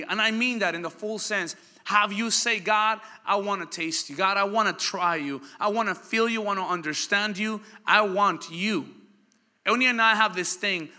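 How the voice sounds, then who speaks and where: Male pastor, bright forceful voice, lively storytelling sermon with a long hall reverb. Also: sits high. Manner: animated storytelling, asks the crowd questions. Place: church hall.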